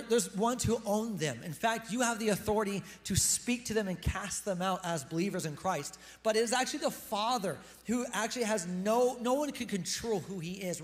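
A male pastor giving a sermon in a chatty, casual way, talking straight to his congregation in a church hall. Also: high-pitched.

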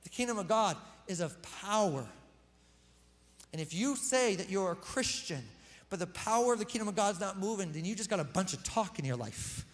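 A man preaching with a strikingly high voice, talking straight to his congregation in an impassioned, conversational way. His words ring out with a long hall reverb behind them. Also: lively intonation, a little fast. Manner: impassioned, conversational preaching that acts out quoted speech. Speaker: pastor. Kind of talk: sermon.

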